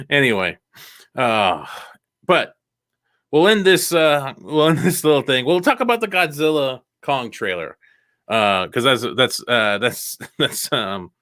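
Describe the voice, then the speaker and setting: Man, casual podcast chat, profane, rambling, lively pitch, bright tone. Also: dry recording. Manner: profane, rambling, laughs often. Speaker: podcast co-host.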